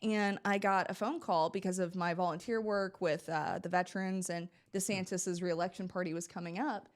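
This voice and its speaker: A woman's voice: on the low side, fairly even intonation, normal speed. A young woman from Central Florida, a podcast guest, telling rambling stories in casual chat and laughing often. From Central Florida, USA.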